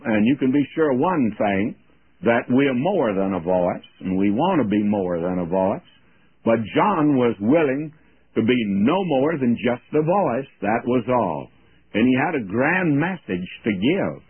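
Older man, husky voice, folksy radio Bible teacher, tinny phone-like broadcast sound. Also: mid-range voice, lively intonation, no echo. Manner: folksy, plain-spoken, slows to quote scripture. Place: radio studio.

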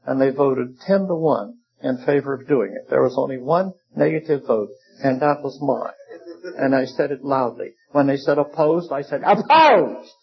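A man's voice: medium pitch, normal speed. An older man preaching a sermon in a folksy, wry way, with humorous asides about his seminary teaching. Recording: dull lo-fi recording.

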